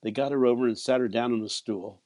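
A fast-talking man with a medium-pitched, slightly mellow voice and fairly even intonation is recorded with no room sound. He's an 80-something preacher telling a story about himself, stammering over repeats and chuckling.

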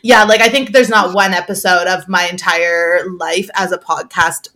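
A woman's voice: on the low side, fairly even intonation, moderate pace, sharp tone. A woman in her late twenties from Canada, a podcast guest chatting casually and rambling with lots of "like" and frequent swearing, heard through earbuds. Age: 20s. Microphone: earbuds on a remote call.

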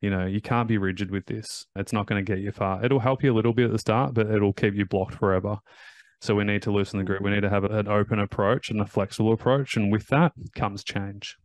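A man's voice: fairly low pitch, fairly even intonation, a little fast, no room sound. A man hosting a podcast as a recovery coach, talking in an emphatic, motivational way and repeating his key phrases.

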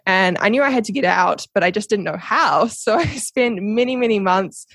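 A young New Zealand woman, appearing as a podcast guest, tells her story in a casual interview. She speaks animatedly at a moderate pace, laughs a lot and acts out other people's lines, her mid-pitched, fairly bright voice recorded dry and close with no echo.

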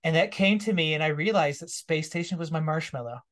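A man's voice: on the high side, fairly quick. Reflective man telling a story. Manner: reflective, storytelling, warm laughs. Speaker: guest. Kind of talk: casual interview conversation.

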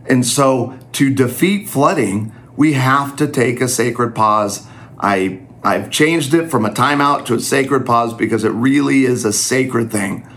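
A man's voice: medium pitch, a bit bright. A man teaching in a conversational sermon style, earnest and self-deprecating.

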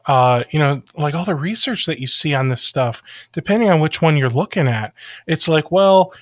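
Animated, jokey man chatting as host. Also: on the high side, moderate pace, no echo, clean studio sound. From Ohio, US. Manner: jokey, animated, laughs often. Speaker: podcast host. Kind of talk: casual chat.

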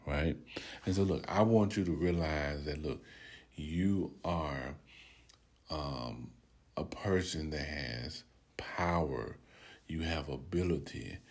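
A middle-aged man delivers a podcast sermon in an extremely low, deep voice. He talks emphatically, often checks in with "right?", and leads his listeners through lines to repeat after him. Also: husky. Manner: emphatic, often asks "right?", leads call-and-response affirmations. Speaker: podcast host and preacher. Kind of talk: sermon-style podcast talk.

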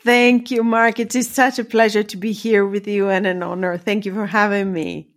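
A woman with an Italian accent speaks as a guest in a mid-range voice. She is warm and polite and laughs easily while explaining her ideas on leadership. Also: medium pitch, little pitch movement, normal speed. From Italy. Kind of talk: interview conversation.

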